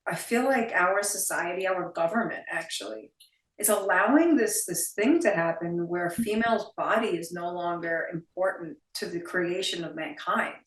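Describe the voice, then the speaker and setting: A woman's voice: on the low side, normal speed, distant mic. A woman in her forties with a New Jersey accent, a guest chatting bluntly and with plenty of swearing in an interview over a video call. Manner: blunt, profane, animated. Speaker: actress guest. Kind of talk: casual interview chat. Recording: roomy sound from off-mic.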